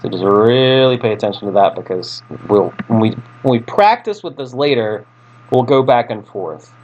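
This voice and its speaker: A male teacher walks through a recorded lesson in a relaxed, chatty way. His pitch jumps around a lot, and he often backtracks and fills pauses with ums. His voice sits at an ordinary pitch for a man. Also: dull audio, slight background noise. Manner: casual, chatty, with fillers and self-corrections. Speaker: Spanish teacher. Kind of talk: recorded lesson explaining slides.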